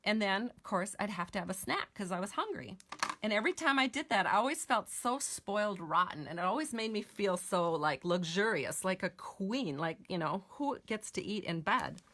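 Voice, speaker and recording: A middle-aged American woman chats casually while demonstrating card-making step by step, correcting herself as she colors in a homey way. Her medium-pitched voice is expressive and a bit bright, moving at a moderate pace.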